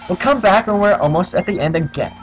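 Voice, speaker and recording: A man chatting over a co-op game, quick and pushy as he tells his partner what to collect. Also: high-pitched, animated. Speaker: co-op gameplay commentator. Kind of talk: casual gameplay chat. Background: game music.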